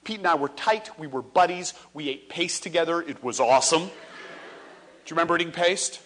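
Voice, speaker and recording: A man in his forties giving a comedic speech on stage, animated and acting out scenes for laughs. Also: fairly high pitch, brisk. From Ontario, Canada. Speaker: motivational speaker. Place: stage before a live audience.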